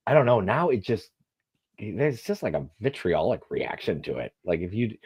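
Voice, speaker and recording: A man's voice: fairly low pitch, big pitch swings, moderate pace, slightly rough, dry recording, lo-fi sound. A man from the United States co-hosting a football watchalong stream, rambling in casual chat and swearing freely. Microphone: webcam stream mic, video call.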